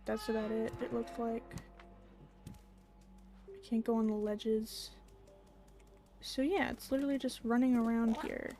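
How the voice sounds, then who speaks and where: A woman's voice: a little high, little pitch movement, measured pace, pauses often, soft background music. A young woman casually chatting and swearing through live game commentary at home, stopping to coo at her pet. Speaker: streamer. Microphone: desk microphone. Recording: loud background noise.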